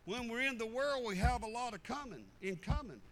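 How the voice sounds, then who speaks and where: A man preaching a folksy sermon, swinging from fervent loud passages to low muttered asides. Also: lively intonation, brisk, poor audio.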